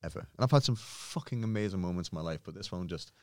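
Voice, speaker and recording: A young man, a podcast guest, telling animated stories in casual chat, full of fillers and swearing. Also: low voice, fast talker, no room sound, studio quality. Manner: animated storyteller, swears freely, many fillers. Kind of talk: casual storytelling.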